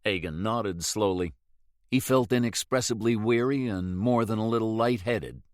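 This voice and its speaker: Scripted audiobook narration comes from a male reader with a fairly low voice and a steady, measured delivery. It's recorded dry and close, with no room sound.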